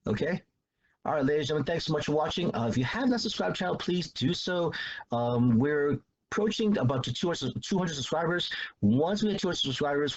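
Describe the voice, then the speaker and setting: A man's voice: mid-range voice, a little mellow, husky, lo-fi sound. A man teaching a math lesson in a casual, loose way, repeating himself as he explains. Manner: loose, repetitive explaining with restarts and fillers.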